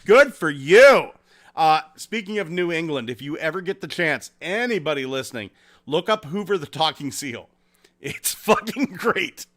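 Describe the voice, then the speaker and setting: A man hosting a casual podcast, reading chat comments and telling stories in a profane, animated way. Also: fairly high pitch, moderate pace. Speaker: podcast host.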